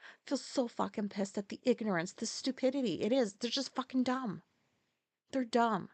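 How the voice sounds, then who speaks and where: A woman rants into a close podcast mic in a casual solo monologue. Her voice sits a little high and sounds dry, with no room around it. She swears freely and sounds fed up. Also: moderate pace, no room sound. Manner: profane, exasperated ranting. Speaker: podcast host.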